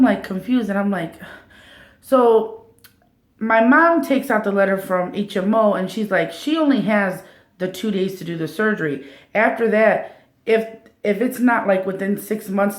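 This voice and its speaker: A woman in her thirties, mid-pitched, chatting straight to her viewers and bringing the story alive by voicing the other people in it. The room around her is bare and echoey. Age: 30s. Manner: animated retelling, acting out others' lines. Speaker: vlogger. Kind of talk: casual storytelling to camera.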